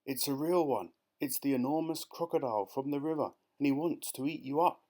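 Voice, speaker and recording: A man's voice: medium pitch, fairly quick, dark tone, voice pushed up, lightly acted. A man voicing a male roly-poly bird in an audiobook, calling out urgent warnings. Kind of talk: audiobook character voice.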